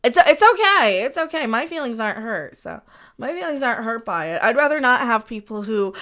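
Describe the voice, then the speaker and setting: Lady co-host on a livestream, chatty and animated, bright voice. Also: a little high, brisk. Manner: animated, coos in a baby voice at the screen. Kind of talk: casual livestream chat.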